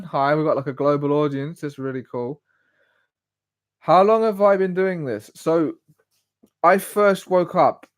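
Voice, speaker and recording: A man's voice: mid-range voice, dry recording, studio quality. Rambling young Englishman streaming live. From England. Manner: rambling, goes off on tangents. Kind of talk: casual solo livestream chat.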